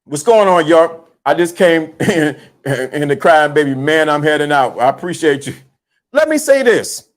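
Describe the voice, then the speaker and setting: A man's voice: a little high, moderate pace. A man hosting a casual livestream, talking emphatically and repeating his points while greeting viewers in the chat. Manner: animated, emphatic, repeats himself. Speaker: livestream host.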